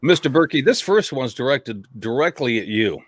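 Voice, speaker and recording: Brief: male podcast host, lively swooping delivery, close and dry. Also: mid-range voice, moderate pace, dry recording. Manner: animated storyteller, cussing, joking. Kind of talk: casual chat. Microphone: remote call mic.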